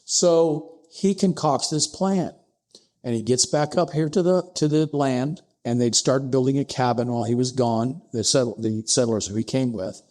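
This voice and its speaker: As a guest on a podcast, a distillery co-founder animatedly tells a frontier tale at normal speed in a middle-pitched, darkish voice. He acts out each exchange, leaping high for surprised lines and dropping low for curt replies, adding asides like "I'm paraphrasing."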